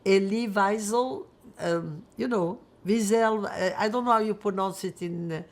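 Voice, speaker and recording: An older woman from France giving oral history testimony, reflective and halting, with many fillers as she searches for words. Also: mid-range voice. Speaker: Holocaust survivor interviewee.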